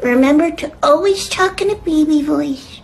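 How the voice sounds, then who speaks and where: A woman's voice: high voice, moderate pace, gravelly. A woman reading a playful flirty list to the camera in a sweet, teasing way.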